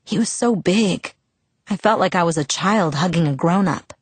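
A woman narrating a first-person novel as an audiobook, steady and reflective. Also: fairly low pitch, normal speed, slightly rough, dry recording.

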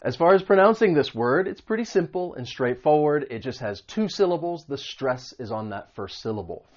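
A man's voice: on the high side, expressive, moderate pace, muffled recording, faint music behind. A man teaching English vocabulary, explaining meanings and pronunciation patiently with spoken examples. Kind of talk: vocabulary lesson.

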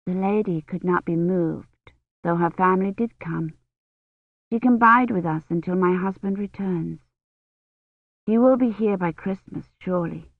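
A reader voicing a calm, composed medieval lady of the manor who speaks quietly and evenly. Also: mid-range voice, unhurried, no echo, phone-quality sound, natural voice. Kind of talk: audiobook character voice.

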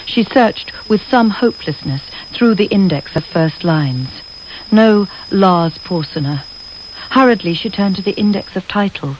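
A woman narrating a storybook in a measured, expressive way. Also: on the low side, dull audio, slight background noise. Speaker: audiobook narrator.

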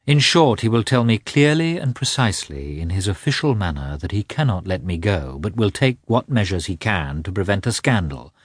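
A man reading an audiobook, voicing an anguished young noblewoman who speaks with sharp, mocking irony. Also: fairly low pitch, sing-song, moderate pace, hardly any pauses, husky, no echo, clean studio sound. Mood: ironic.

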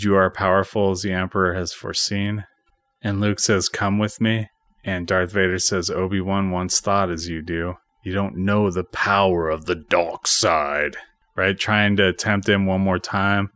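A man with a deep, low voice casually recaps a movie, quoting the dialogue without acting it out. His voice sounds dry and close, with no room echo. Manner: retells scenes, quoting dialogue flatly. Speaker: podcast host.

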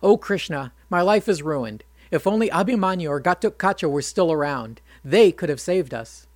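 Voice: mid-range voice, animated, normal speed, darkish tone, no echo, studio quality, close to an everyday voice. A narrator voicing a bitter, self-pitying king who whines and rants at his brother. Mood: ranting. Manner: whining, ranting.

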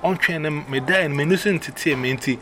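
A man with a Ghanaian accent telling a personal story in casual, animated speech, acting out the voices he quotes. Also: fairly high pitch, normal speed, a little hiss or hum.

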